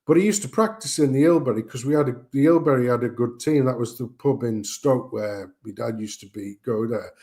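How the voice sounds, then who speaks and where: A man's voice: mid-range voice, brisk, few pauses, a little mellow. A middle-aged man, telling rambling family anecdotes in casual chat, joking and swearing as he goes.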